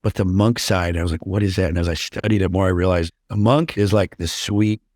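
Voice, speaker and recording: Podcast guest, middle-aged man; low-pitched, raw and candid, swears freely. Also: steady tone, fairly quick, a little mellow, no echo, clean studio sound. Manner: intense, blunt, swears freely. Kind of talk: candid interview talk.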